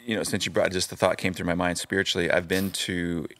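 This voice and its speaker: A man's voice: deep voice, fast. A man in his fifties, a pastor and guest, telling stories in a casual interview and acting out the dialogue as he goes. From California. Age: 50s. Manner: animated storyteller, acts out dialogue.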